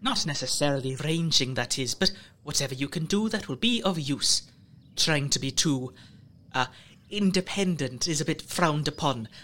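A man's voice: fairly high pitch, expressive, normal speed, pushed and bright. A man voicing a cruel, chatty trickster ranger who tells stories gleefully and slips into other people's voices. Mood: breezy. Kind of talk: audio drama acting.

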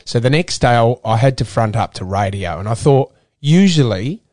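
Middle-aged Australian male guest; candid, earnest, stumbles and restarts, mid-pitched voice. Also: animated, darkish tone, no echo, clean studio sound. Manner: earnest, halting with repeated restarts. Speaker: guest, former footballer and radio presenter. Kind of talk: candid interview.

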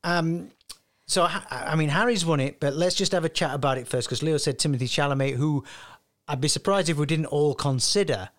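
A man hosting a casual podcast chat, jokey and quick to laugh. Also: a little high. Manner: animated, laughs often, jokey. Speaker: podcast host.

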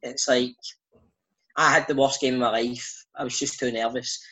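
Scottish man spinning lively anecdotes. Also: medium pitch, moderate pace, rough recording. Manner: animated anecdotes full of slang and "mate". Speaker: guest; father. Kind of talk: casual storytelling chat.

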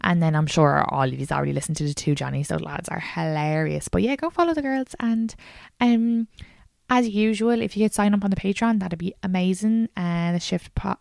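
A woman's voice: on the low side, brisk, creaky, a little mellow, no echo, clean studio sound. A woman hosting a podcast, chatting casually and saying "like" a lot. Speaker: podcast host. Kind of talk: casual chat.

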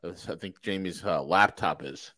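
A man's voice: low-pitched, a little slow, bright, forceful tone, no room sound, clean studio sound. A man hosting a podcast, joking and teasing his co-hosts in casual banter. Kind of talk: casual chat.

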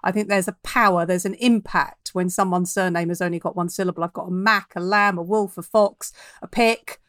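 A woman's voice: on the low side, fairly even intonation, brisk, a bit bright, dry recording. A woman speaking as a podcast guest about her craft. She talks in a chatty, reflective way and laughs easily. The sound is close and dry, with no room around it. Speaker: author guest. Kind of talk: podcast interview.

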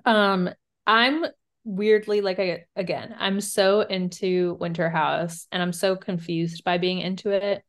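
A woman's voice: fairly low pitch, fairly even intonation, a little slow. A woman co-hosting a podcast in casual chat, talkative, swearing freely and laughing often. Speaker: podcast co-host. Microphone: remote call recording.

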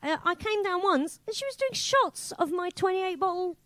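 Giggly female co-host, high and lively. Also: normal speed. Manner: giggly and animated. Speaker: podcast co-host. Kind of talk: casual chat.

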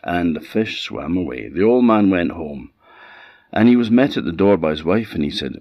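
A man with an Orkney accent from Scotland telling a folktale in a lively, animated oral style. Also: low voice, moderate pace, dry recording, studio quality. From Orkney Islands, Scotland. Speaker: storyteller. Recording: dull lo-fi sound.

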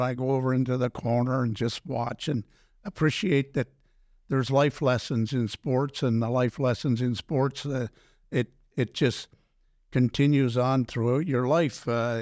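An older man, a former pro hockey player telling animated stories in an interview, acting out quoted dialogue and often restarting his sentences. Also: medium pitch, no echo, clean studio sound. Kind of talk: storytelling in a podcast interview.

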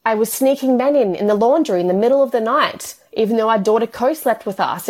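A woman, telling her story as an interview guest in long, tumbling run-on sentences full of "like". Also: fairly high pitch. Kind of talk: emotional personal interview.

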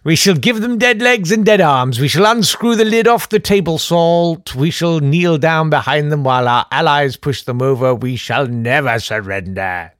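A man's voice: fairly high pitch, moderate pace, hardly any pauses, fairly bright tone, dry recording, clean studio sound, lightly acted. A man putting on a pompous, blustering male politician who declaims a grand rallying speech in a comic sketch. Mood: rousing.

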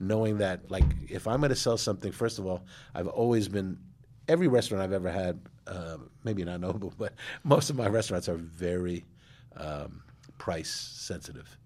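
A man, a restaurateur telling animated stories in a casual interview, with many restarts and "you know"s. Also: deep voice, normal speed. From Manhattan, New York. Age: 60s. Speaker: guest, restaurateur.

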